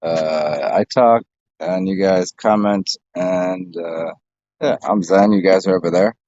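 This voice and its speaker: A man's voice: low voice, slow, a little mellow, no echo, muffled recording. A man chatting casually to his viewers on a phone livestream outdoors, rambling with many fillers and restarts. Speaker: vlogger. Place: outdoors, in a windy city park.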